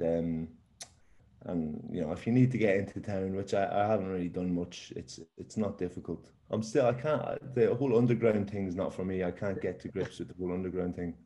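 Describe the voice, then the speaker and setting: A man's voice: low-pitched, dark tone. A young man, a footballer guest, talking in a casual interview, often repeating and restarting his words.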